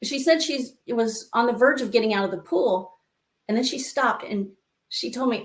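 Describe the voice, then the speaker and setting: A woman life coach telling stories as an interview guest, lively and acting out the voices she quotes, with many asides to the listener. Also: a little high, a little fast. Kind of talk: conversational interview storytelling. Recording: echoey room.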